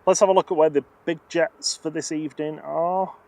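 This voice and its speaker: Hosting a live plane-spotting stream, a man speaks briskly with a high-ish, darkish voice, vocal fry, and fairly even intonation, with no echo. He calls out flight numbers and registrations in a matter-of-fact way while chatting casually and reading viewer comments aloud.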